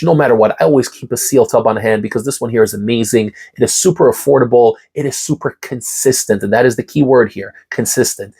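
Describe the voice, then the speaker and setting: Husky congested male reviewer, enthusiastic hype style, casual ranking talk. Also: medium pitch, darkish tone. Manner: enthusiastic, hype-driven, repeats key words. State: congested, recovering from a cough. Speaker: supplement reviewer.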